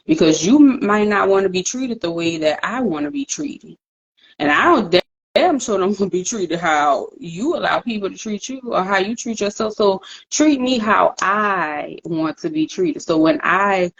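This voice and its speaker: A woman's voice: on the low side, normal speed. A woman co-hosting a podcast in casual chat, talking bluntly and emphatically, with frequent swearing and laughter. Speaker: podcast co-host. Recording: dull lo-fi recording.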